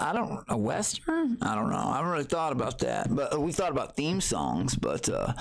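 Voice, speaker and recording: A man's voice: medium pitch, vocal fry. A man chatting casually on his livestream, boasting and taunting his critics while greeting viewers in chat.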